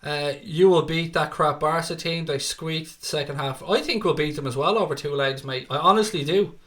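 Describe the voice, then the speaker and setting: A man's voice: a little high, normal speed, fairly bright tone. A man from Dublin with an Irish accent, hosting a live football watchalong, chatting casually, swearing freely and reading viewer comments aloud between bits of match commentary. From Ireland. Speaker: livestream host.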